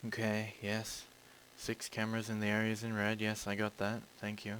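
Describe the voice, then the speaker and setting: A man's voice: fairly low pitch, monotone, normal speed, poor audio. A man giving casual commentary while he plays a horror game, chatty and swearing often. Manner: chatty, swears often, bursts into loud yelps when startled. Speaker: gaming channel host. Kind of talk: casual let's-play commentary. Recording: clear background noise.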